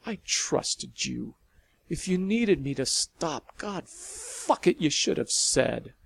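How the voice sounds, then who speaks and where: Man voicing an older woman, hurt, blunt, slow-spoken, storybook. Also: a little high, very animated, vocal fry, breathy edge, pitched above the performer's own voice, heavily acted.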